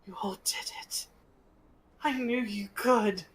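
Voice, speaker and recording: A woman voicing a revived male adventurer, grateful, with a raspy breath and a soft, hushed delivery. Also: high voice, fairly even intonation, takes it slowly.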